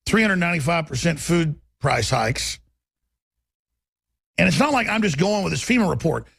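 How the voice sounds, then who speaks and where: A man's voice: a little high, animated, moderate pace, creaky, a bit bright, slightly rough, no room sound, studio quality. A man with a Texas accent, hosting a radio talk show and ranting through a combative, sarcastic, rambling monologue.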